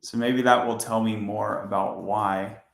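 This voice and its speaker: A man teaching coding on a casual live stream, talking in a sleepy monotone. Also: lowish voice, unhurried, gravelly, roomy sound.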